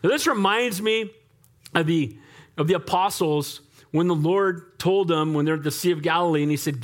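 High-voiced animated preacher man. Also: moderate pace. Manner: animated, conversational, asks amen often. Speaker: pastor. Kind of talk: sermon.

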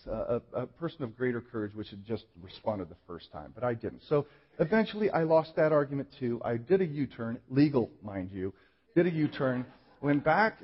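A male pastor with a somewhat husky voice delivers a sermon as a personal story, earnest and self-deprecating, often restarting his sentences. His voice carries a long reverb, as if it fills a large church hall. The recording sounds slightly muffled. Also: medium pitch.

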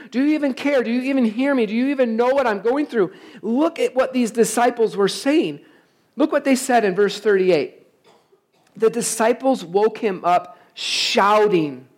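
Emphatic preaching man. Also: high-pitched. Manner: emphatic, asks the congregation rhetorical questions. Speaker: pastor. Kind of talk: sermon. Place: church service, also streamed online.

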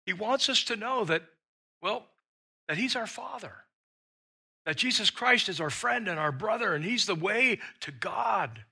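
An older man delivers a sermon in a high, bright voice at an unhurried pace. He tells stories with humor and swings from loud, shouted lines to soft, hushed ones. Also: expressive, vocal fry, breathy edge. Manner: dynamic preaching, shouting quoted lines then dropping to a hush; storytelling with humor. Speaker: pastor.

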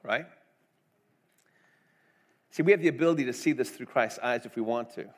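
A man's voice: mid-range voice, normal speed. A middle-aged man preaching a sermon, earnest and conversational, asking the congregation questions. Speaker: pastor.

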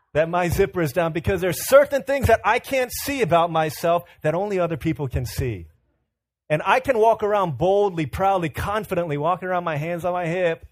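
A pastor giving a sermon, telling humorous self-mocking stories with animation, then turning earnest and quieter as he exhorts. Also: sits high.

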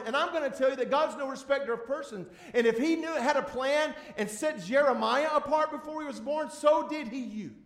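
High-voiced pastor preaching in an echoey hall. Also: male voice, brisk, hardly any pauses. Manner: emphatic, swings between loud and hushed; drags out key words, repeats for emphasis. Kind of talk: sermon. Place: church sanctuary before a congregation. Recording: echoey room.

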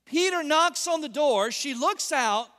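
A man preaching an animated sermon as pastor, joking and asking the congregation questions. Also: extremely high pitch, unhurried. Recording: long reverb of a large hall.

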